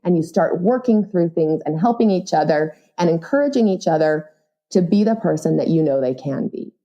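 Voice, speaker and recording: A woman in her thirties, a writer and mother, speaking as a podcast guest, earnest and animated with frequent fillers. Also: fairly low pitch, fairly quick, highs cut off. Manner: earnest, animated, lots of "like" and "you know". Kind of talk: casual conversational interview.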